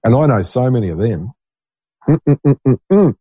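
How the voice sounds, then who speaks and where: A man's voice: fairly low pitch, normal speed, warm tone, dry recording, dull audio. A middle-aged man, a podcast host talking in a rambling, blunt, digressive monologue. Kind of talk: casual monologue.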